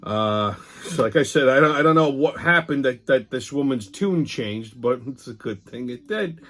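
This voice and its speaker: A man's voice: medium pitch, animated, normal speed, a bit bright. A man hosting a show in a casual, rambling monologue, with blunt and profane storytelling. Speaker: host.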